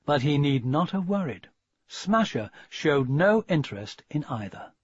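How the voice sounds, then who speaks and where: A man reading a story aloud, with a voice that rises and falls freely and sits a little high for a man. The tone is husky, and the recording is dry and dull. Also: no echo. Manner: expressive, measured storytelling. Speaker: narrator. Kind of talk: audiobook story narration.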